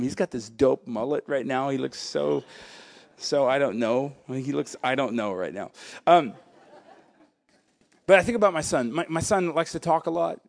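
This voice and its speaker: A man preaching a sermon as pastor, animated and joking, breaking into laughter and acting out voices. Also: on the high side.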